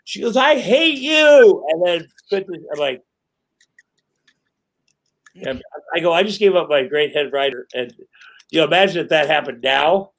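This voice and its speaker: A middle-aged man tells stories as a podcast guest in a slightly high, creaky voice, speaking at a moderate pace with long pauses. It's a casual storytelling interview, and he rambles profanely while acting out what people said.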